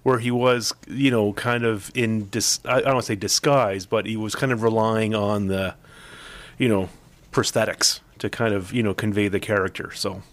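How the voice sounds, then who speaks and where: A man chatting as a guest in a casual interview, talking in halting bursts with many restarts and repeated words. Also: fairly low pitch, fairly even intonation. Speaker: guest, film event organizer. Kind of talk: casual radio interview chat.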